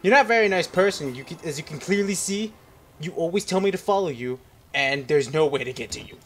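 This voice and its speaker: A man's voice: on the high side, lively intonation, fast, fairly bright tone. Jittery young man commentating a horror game. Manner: jittery, rambling, jokey, talks to game characters. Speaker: gaming commentator. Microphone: headset.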